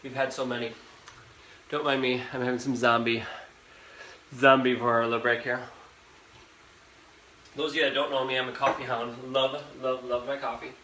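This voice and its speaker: A man's voice: medium pitch, pushed and bright. A young man hosting a live cooking stream from his home kitchen, chatting and rambling straight to his viewers. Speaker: host of a live cooking show. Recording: echoey kitchen with background noise. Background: fan noise.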